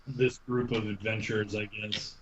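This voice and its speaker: A man's voice: on the low side, little pitch movement, normal speed, roomy sound, highs cut off, background noise, pitched below the performer's own voice, close to an everyday voice. A man voicing a weary, plainspoken male knight in a hesitant, questioning way, as a game master reads his lines.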